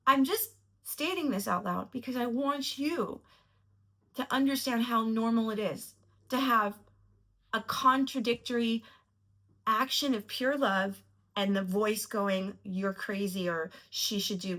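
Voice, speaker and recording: A woman's voice: mid-range voice, a little slow, a bit bright. A woman telling a personal story to camera in a reflective, earnest way, at times emotional. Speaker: vlogger.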